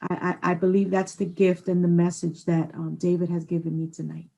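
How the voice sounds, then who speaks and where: A woman from New York, a former educator co-hosting a podcast, speaking emotionally with soft laughs. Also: on the low side, completely flat delivery, fairly quick, gravelly, rough recording. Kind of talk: casual podcast chat.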